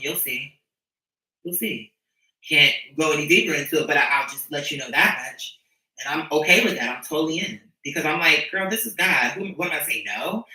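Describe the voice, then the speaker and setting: A woman's voice: low-pitched, sharp tone, recorded from a distance. A woman giving an impassioned, profane livestream monologue to her followers, ranting and preaching. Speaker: streamer addressing her followers. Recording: echoey room, voice off-mic.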